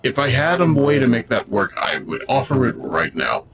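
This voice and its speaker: A man's voice: mid-range voice, sing-song, normal speed, music in the background. A man streaming a video game, giving casual, jokey commentary and riffing on what happens on screen. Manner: goofy and jokey, riffs on the game.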